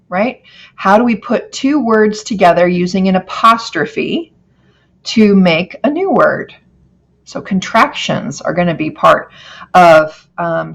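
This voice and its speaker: A middle-aged woman teacher giving a recorded phonics lecture, slowly stretching out example words. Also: on the low side, gravelly.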